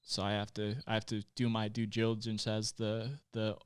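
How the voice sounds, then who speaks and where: Speaking at a normal pace in a fairly low, monotone, clean-toned voice, a late-twenties man from Utah shares a personal story as a podcast guest. He's candid and plainspoken in this casual conversation, swearing often.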